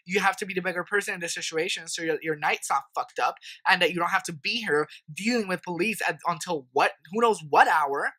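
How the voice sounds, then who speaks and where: Bright-voiced young man telling a story. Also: high-pitched. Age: 20s. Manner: profane, animated storytelling with mocking voices. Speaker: vlogger. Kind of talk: story time vlog.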